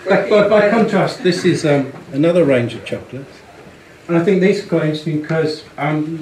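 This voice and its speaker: A man's voice: a little high, darkish tone, slight background noise. Man, presentation, chatty, amused, repeats words, roomy echo. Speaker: speaker on branding and packaging. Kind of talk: presentation to an audience.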